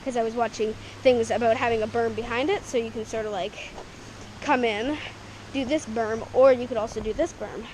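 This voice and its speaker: Outdoors, a woman from Canada walks through her backyard and shows off the dirt bike track she built, chatting and rambling to an action camera and giggling often in casual narration. Her voice is a little high and darkish in tone, with fairly even intonation at a moderate pace, and the low-quality recording has slight background noise.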